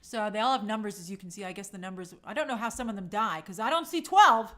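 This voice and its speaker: A woman's voice: mid-range voice, quick pace, a bit bright. A middle-aged woman hosting a casual trailer breakdown, chatty and opinionated, full of fillers and mock quotes. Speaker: film trailer reviewer and host.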